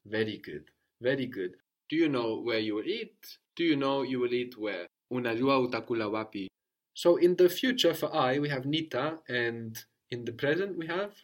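A man's voice: medium pitch, lively intonation, moderate pace. A man teaching a language lesson, patiently prompting his student and repeating her answers.

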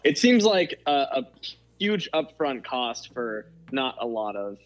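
A man co-hosting a podcast, his voice at a middling pitch. He tells stories in a loose, rambling way. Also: very animated, slow, highs cut off. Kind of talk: casual chat.

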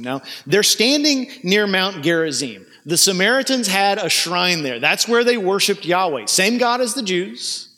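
A man's voice: high-pitched, very animated, measured pace, few pauses, pushed and bright. A male pastor preaching a sermon in an earnest, urging way, with conversational asides. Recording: long hall reverb.

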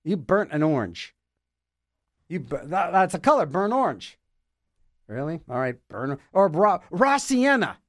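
A man's voice: sits high, sing-song, a little slow, long pauses, no room sound, studio quality. A man hosting a radio show, rambling in a playful, self-mocking comic monologue, tripping over words and repeating them as he argues with himself. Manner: talks to himself in back-and-forth mock dialogue.

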